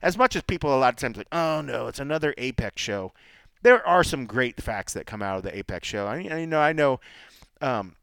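A man with a mid-pitched voice co-hosts a podcast, telling stories and acting out what people said. His voice sounds close and dry. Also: fairly quick, smooth, no echo. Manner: animated storytelling, acts out quotes. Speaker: podcast co-host. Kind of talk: casual chat. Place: Las Vegas, Nevada.

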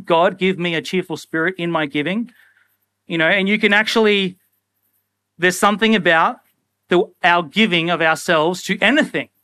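A young man preaching a sermon in a casual, animated way, often acting out little everyday scenes. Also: high-pitched, dry recording. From Australia. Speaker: pastor.

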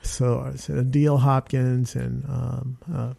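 A man, an actor being interviewed, who tells rambling, animated stories with lots of fillers. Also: medium pitch, a little slow, creaky. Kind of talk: casual storytelling.

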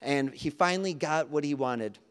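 A man's voice: on the high side, moderate pace, clear, resonant tone. A man preaching an earnest, conversational sermon, acting out quoted dialogue as he goes. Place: church sanctuary. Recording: long hall reverb.

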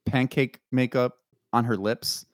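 A man's voice: mid-range voice, steady tone, a little slow, dry recording. A man co-hosting a podcast, adding dry jokes to a film discussion. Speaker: podcast co-host. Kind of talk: casual chat reviewing a film.

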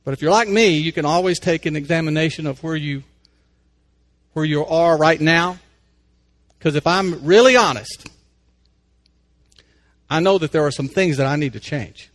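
A man with a notably high voice hosts a faith-based inspirational radio segment. He talks in an easygoing, conversational way, telling a story and then reflecting on it without hurrying. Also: moderate pace, pauses often, a bit bright. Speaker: radio host and life coach.

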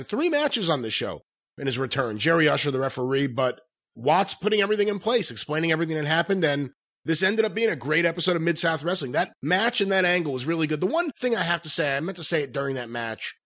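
A man with a bright, forceful voice walks through old wrestling matches with eager, analytical chat. He sounds close and dry, with no room around him. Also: a little high, no echo. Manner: enthusiastic play-by-play recapping. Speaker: wrestling review podcast co-host.

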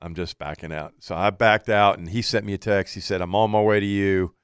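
A man's voice: deep voice, a little fast, smooth, no room sound, clean studio sound. A man telling a hunting story in casual chat, acting out what he and his buddy said. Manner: animated storyteller, quotes himself and others.

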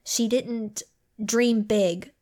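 Woman co-host, chatty and effusive, slightly high voice, casual book talk. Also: fairly even intonation, very slow, dark tone. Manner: gushing, chatty, laughs often. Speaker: podcast co-host.

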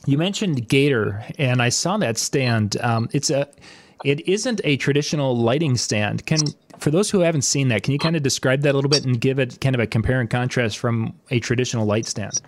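A man's voice: medium pitch, brisk. A man hosting a casual interview, asking long questions that restart and wander. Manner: rambling, restarts his questions.

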